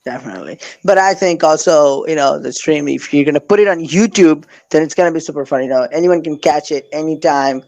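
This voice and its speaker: Hesitant, eager man with a higher voice. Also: a little fast, gravelly, hardly any pauses, a little mellow, poor audio. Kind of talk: casual chat.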